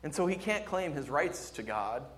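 A man preaching a sermon, jumping from loud, excited exclamations to quiet, low emphasis. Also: normal speed. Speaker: pastor. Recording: long hall reverb.

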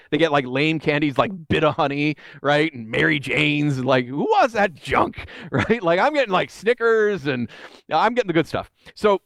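A man's voice: a little high, no room sound. A man giving a conversational sermon, telling stories and acting out the people he quotes. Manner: animated storytelling, voices quotes. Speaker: preacher.

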